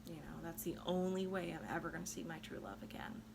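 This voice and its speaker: A woman doing a hushed desperate young husband. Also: fairly even intonation, quick pace, vocal fry, background noise. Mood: despairing. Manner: low hushed urgency. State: tipsy.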